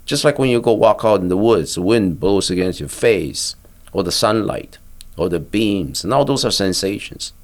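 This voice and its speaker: An older man, a physician, guiding a listener through a body-awareness exercise in a calm, patient, instructive way. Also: fairly low pitch, moderate pace. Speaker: physician and therapist guest. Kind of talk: guiding a mindfulness exercise in conversation.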